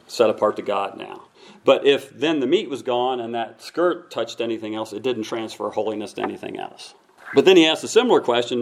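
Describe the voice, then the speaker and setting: Conversational male preacher. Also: mid-range voice. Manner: conversational preaching, acts out voices. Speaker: pastor. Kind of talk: sermon.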